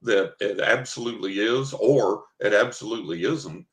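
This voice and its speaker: With a voice on the low side and a normal pace, the older man, a psychic guest, recounts an anecdote in a relaxed way, voicing the characters' lines himself. Roomy echo fills the recording.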